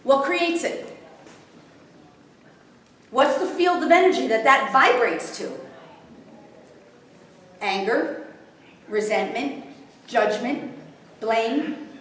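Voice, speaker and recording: A woman's voice: high-pitched, fairly bright tone. A woman giving a spiritual workshop talk to a live group, often checking that the audience follows. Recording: very echoey room, distant, faint noise.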